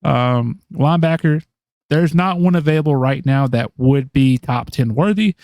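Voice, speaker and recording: A man's voice: mid-range voice, moderate pace, a little mellow, dry recording. A man co-hosting a podcast, talking through draft picks in casual chat, thinking aloud with many ums and restarts. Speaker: podcast co-host.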